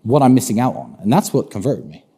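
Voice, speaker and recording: Dark-voiced British man, assertive. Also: mid-range voice, big pitch swings, fast, breathy edge. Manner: assertive, opinionated, repeats phrases for emphasis. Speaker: interview guest. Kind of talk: conversational interview answers.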